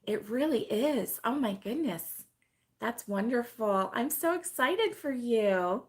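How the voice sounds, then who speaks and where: A middle-aged woman hosting a casual crochet live stream, chatting with viewers by name and laughing often, her voice still hoarse from being sick. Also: fairly high pitch, expressive, slow. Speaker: crochet channel host.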